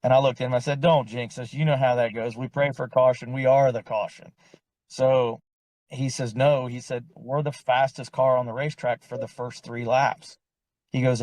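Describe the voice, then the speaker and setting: A middle-aged man tells a racing story in a loose, folksy way, circling back and acting out what others said. His voice sits at an ordinary middle pitch. The recording is close and dry. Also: a little mellow, no echo, rough recording. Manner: rambling, folksy, acts out other people's lines. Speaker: crew chief, driver's father. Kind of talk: casual storytelling chat.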